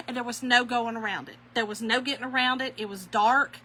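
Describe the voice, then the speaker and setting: Lady chatting away while she crafts, talks to y'all, bright voice, bit of background hum. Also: on the high side, moderate pace. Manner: animated, folksy, addresses viewers as y'all. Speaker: craft vlogger.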